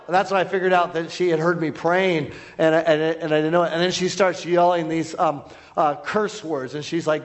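A man who is a guest preacher, telling a story in a sermon, loud, with many repeated restarts. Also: a little high, steady tone, a little fast. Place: church hall. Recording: long hall reverb.

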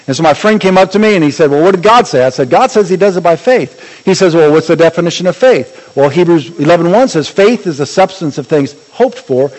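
A man preaching a sermon as a pastor, animated, with bursts of exclamation and light humor. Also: high-pitched, fast, hardly any pauses, big-room sound, rough recording.

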